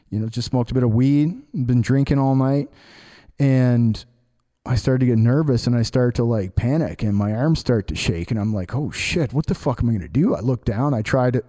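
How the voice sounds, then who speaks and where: A man's voice: medium pitch, dark tone. A man hosting a podcast, telling a personal story casually with lots of fillers and restarts. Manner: rambling, many fillers and restarts. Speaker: podcast host.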